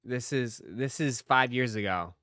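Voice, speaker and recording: A man's voice: medium pitch, a little slow. A man on a live stream commenting casually on old videos, with loose, profane asides.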